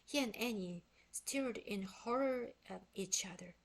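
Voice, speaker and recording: A woman reading a children's book aloud in expressive, unhurried storytelling; her first language is Korean. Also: medium pitch. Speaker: book reader.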